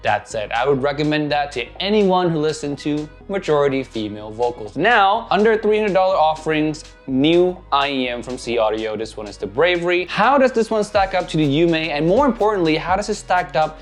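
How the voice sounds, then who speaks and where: A man reviewing in-ear monitors in a casual, excited way, his voice raspy and hoarse from illness. He sits a little higher than the average male voice. Light background music plays beneath him. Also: brisk, hardly any pauses. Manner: enthusiastic, casual and chatty. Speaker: audio gear reviewer. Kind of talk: product review talking to camera.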